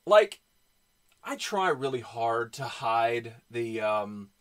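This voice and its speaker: A man with a Southern US accent chats loosely on a livestream. He rambles from one thought to the next, leaning on plenty of ums and uhs, and his pitch sits in an ordinary middle register. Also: sing-song, takes it slowly, a bit bright. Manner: rambling, filler-heavy, reacts to chat. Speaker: streamer showing his comic collection. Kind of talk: casual livestream chat.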